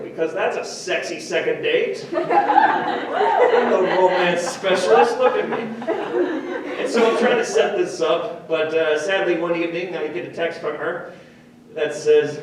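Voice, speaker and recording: A young man doing a stand-up comedy set before a live audience, self-deprecating and rambling, with restarts and quick switches into other voices. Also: sits high, animated, slight background noise. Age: young adult. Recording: echoey room, far from the mic.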